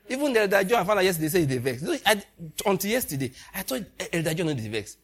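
A man preaching a loose, storytelling sermon and laughing often as he goes. His voice sits a little high and husky, and it swings widely in pitch. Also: sing-song, fast. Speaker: pastor.

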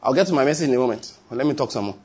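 Husky pastor preaching. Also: male voice, medium pitch, animated, rapid-fire, darkish tone. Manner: emphatic, repetitive preaching with acted quotes and chuckles. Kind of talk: sermon.

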